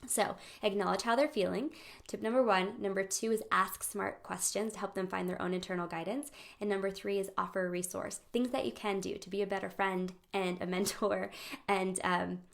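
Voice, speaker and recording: Young woman, gravelly voice, casual live teaching, animated, laughs a lot. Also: mid-range voice, moderate pace. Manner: animated, laughs often, acts out quoted voices. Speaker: host of a friendship training.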